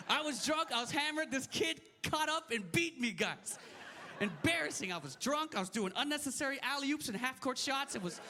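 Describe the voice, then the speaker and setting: High-voiced, ranting male comedian. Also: moderate pace, slight background noise. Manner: animated, incredulous ranting. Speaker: stand-up comedian. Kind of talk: stand-up comedy set. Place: comedy stage.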